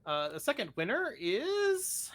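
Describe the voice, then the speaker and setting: A co-host on a casual livestreamed podcast, talking in a playful, animated way and laughing often. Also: medium pitch, slow pace.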